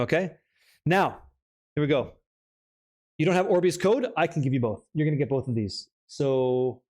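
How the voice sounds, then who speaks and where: A young man hosting a live stream, reading chat aloud and joking in a casual, hyped way with some swearing. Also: fairly high pitch. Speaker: streamer host.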